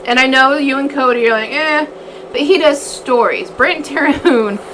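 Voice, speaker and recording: A woman co-hosting a casual radio show, animated and exclamatory. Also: sits high, a little fast, slight background noise, low-quality recording. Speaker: radio co-host.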